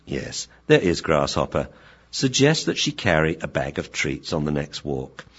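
A man voicing a wise old male dog who calmly and gently advises a younger dog. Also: very deep voice, husky, pitched below the performer's own voice, heavily acted. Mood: counseling. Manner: calm, gentle, measured advice. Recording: dull lo-fi recording.

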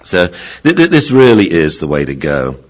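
Older man with a very deep voice lecturing. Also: wildly swooping pitch, normal speed, rough recording. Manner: chatty, repeats words, acts out dogs and owners. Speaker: dog trainer. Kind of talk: informal lecture.

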